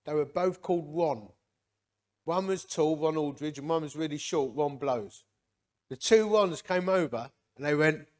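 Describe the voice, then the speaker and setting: A man, giving a lively, jokey personal testimony to a men's gathering and acting out the people in it. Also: a little high, a little slow. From Hornchurch, England. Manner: lively, jokey, acts out quotes.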